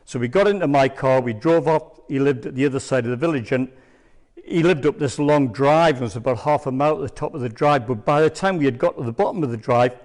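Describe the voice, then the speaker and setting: An older man giving a church testimony as a rambling, hesitant storyteller with many pauses and ums. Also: mid-range voice, a little mellow. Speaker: church speaker. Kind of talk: sermon testimony.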